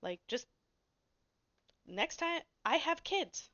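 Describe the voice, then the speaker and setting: On a podcast she co-hosts, a woman animatedly tells a story in casual chat, speaking bluntly and swearing freely. Her voice is high and her pace slow, with dull audio and no echo.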